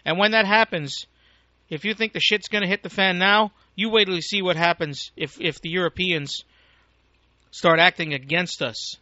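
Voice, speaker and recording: American guy ranting about politics, swears a lot, rambles, kinda high voice, dry close sound. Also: fairly even intonation, moderate pace, pushed and bright, no room sound. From United States. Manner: angry, profane, rambling. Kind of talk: political rant monologue. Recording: dull lo-fi recording.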